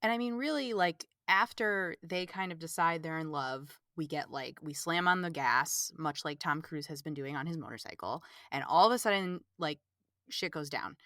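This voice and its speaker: Bright, animated woman recapping a movie. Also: low-pitched, moderate pace, no room sound, clean studio sound. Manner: animated, exasperated, fills talk with "like". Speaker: podcast host. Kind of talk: casual movie recap chat.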